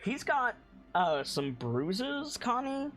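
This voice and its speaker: A man's voice: extremely high pitch, very animated, takes it slowly, fairly bright tone, faint music behind. A man running a tabletop game as game master, describing scenes in a laid-back way with lots of "like"s.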